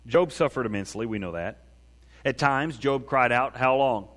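A man's voice: medium pitch, lively intonation, moderate pace, a bit bright. A man preaching a sermon as a pastor, talking in a conversational way and acting out prayers. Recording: long reverb of a large hall.

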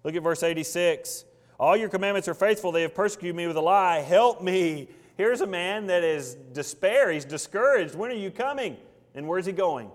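A fairly high-voiced man preaches a sermon, his words ringing out in a large reverberant hall. He leans into scripture with slow, rising emphasis. Then he turns quiet and low to press questions on his listeners. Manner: earnest preaching, slows and rises on scripture, drops soft on questions. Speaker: pastor.

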